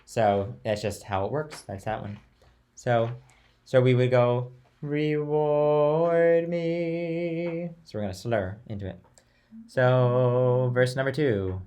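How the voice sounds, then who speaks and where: A man teaching a chant class at an unhurried pace. He talks in a relaxed, chatty way, then sings note names and short phrases himself, in a mid-range voice. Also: mid-range voice.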